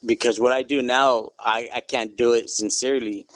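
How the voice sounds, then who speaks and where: A middle-aged man, a guest in an interview, telling his story in a relaxed, good-humored way and saying "you know" often. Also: mid-range voice, normal speed. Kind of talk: casual interview.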